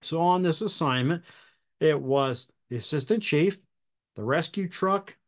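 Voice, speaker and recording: A man hosting a podcast, telling a fire service story in a measured, deliberate way with pauses. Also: a little high, expressive. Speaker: podcast host and fire officer instructor. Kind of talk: storytelling anecdote.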